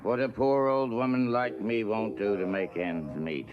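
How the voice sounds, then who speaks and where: A man's voice: fairly low pitch, fairly even intonation, a little slow, dull audio, crowd noise, natural voice. A man voicing a weary, complaining poor old woman who cleans a movie theater in a cartoon. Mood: grumbling.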